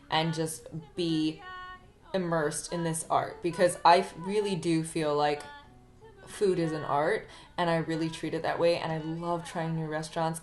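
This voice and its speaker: A woman, a singer-songwriter, chatting casually to camera in a rambling, chatty way. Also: low-pitched.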